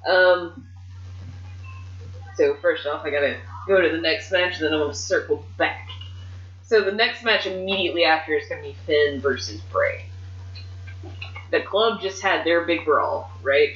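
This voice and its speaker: Excited sweary woman host, casual chat, muffled lo-fi sound. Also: deep voice, moderate pace, pauses often. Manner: excited, swears freely, acts out wrestlers' lines. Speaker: podcast host booking wrestling matches. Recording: muffled, echoey room.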